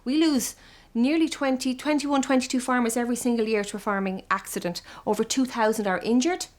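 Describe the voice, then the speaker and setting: Irish woman, farm safety educator, lively and quizzing children, higher voice. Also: brisk. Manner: lively, talks to children with questions. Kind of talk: documentary interview and classroom talk.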